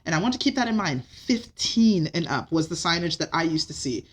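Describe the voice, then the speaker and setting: A woman's voice: fairly low pitch, sing-song, a little fast, husky, rough recording. Female podcast guest, easygoing casual talker.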